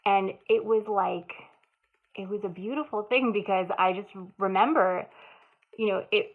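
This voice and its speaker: Woman, late thirties, personal storytelling, halting and emotional, tinny phone-like sound. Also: mid-range voice, steady tone, gravelly. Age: 30s. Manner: emotional, halting, many restarts and fillers. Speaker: author telling her story.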